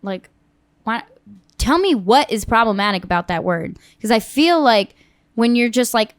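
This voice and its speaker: A woman's voice: fairly high pitch, lively intonation, moderate pace, dry recording, clean studio sound. A young woman, a country singer, chatting casually as a guest, giggly and full of "like.". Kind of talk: casual chat.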